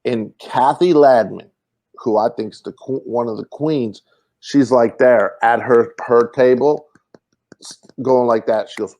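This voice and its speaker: Speaking a little slowly in a mid-range voice, a man spins comedy tales from the road during laid-back podcast chat. He's lively, imitates the people he quotes, and often restarts or uses fillers.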